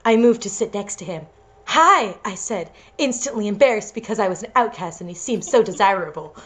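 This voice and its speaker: A woman's voice: mid-range voice, quick pace, a little mellow. A young woman reading amateur fiction aloud for laughs, stumbling over words and breaking into giggles. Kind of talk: comedic read-aloud of fan-style fiction.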